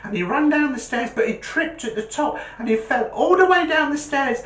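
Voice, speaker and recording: Man doing a small boy voice, high childlike, innocent, chirpy, bouncy, roomy echo. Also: lively intonation, moderate pace, fairly bright tone.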